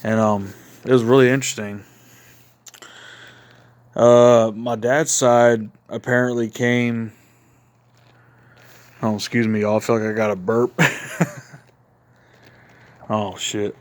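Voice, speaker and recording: This man talks slowly at a medium pitch, his delivery flat and broken by frequent pauses. He's a vlogger from Mississippi with a Southern accent, loosely chatting to his phone camera in the backyard at night after a couple of beers have left him a little tipsy. Easygoing and rambling, he keeps speaking to his viewers as y'all.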